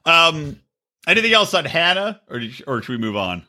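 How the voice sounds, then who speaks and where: A man co-hosting a podcast, swearing freely as he recaps a reality show with lively mimicry. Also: moderate pace. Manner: profane, animated storytelling with shrill mimicry. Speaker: podcast co-host. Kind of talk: crude casual chat, recapping a reality show.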